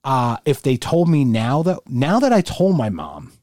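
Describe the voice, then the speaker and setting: A man's voice: medium pitch, wildly swooping pitch, unhurried, darkish tone, no echo, studio quality. A man in casual chat giving firm opinions, often restarting sentences and cracking jokes.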